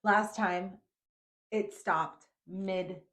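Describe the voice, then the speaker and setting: A woman's voice: medium pitch, fairly even intonation, drawn-out words, a bit bright. A young woman hosting a podcast, chatting casually, swearing now and then and laughing easily as she shares her own story. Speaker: podcast host. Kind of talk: casual chat.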